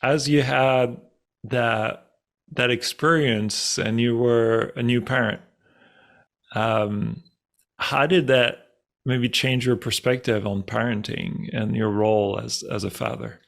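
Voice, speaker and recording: A man with a gravelly, creaky voice hosts a podcast interview. He affirms the guest warmly and builds his questions slowly, with restarts along the way. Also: mid-range voice, fairly even intonation. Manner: affirming, asks long, halting questions. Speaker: podcast host.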